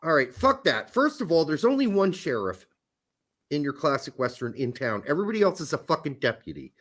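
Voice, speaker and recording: A man's voice: fairly high pitch, sing-song, fairly quick, a bit bright. A man hosting a casual sports podcast, blunt and heated, swearing freely as he argues his points. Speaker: podcast host.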